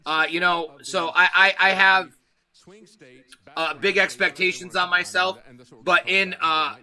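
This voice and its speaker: A man's voice: high voice, flat delivery, measured pace, bright, forceful tone, low-quality recording. A man hosting a casual livestream, nervous and rambling, swearing as he talks to his chat. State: anxious. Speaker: livestream host.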